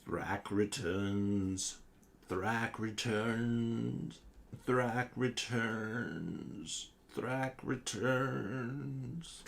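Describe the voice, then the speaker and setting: A man voicing a moaning undead severed head in a storybook game, speaking in a slow, droning moan. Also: mid-range voice, steady tone, creaky.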